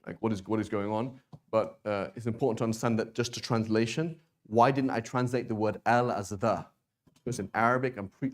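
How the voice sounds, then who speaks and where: A man's voice: fairly low pitch, a little mellow. A man teaching, full of "right?" checks. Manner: explains with many restarts and "right?" checks. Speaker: Arabic teacher. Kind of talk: classroom lesson.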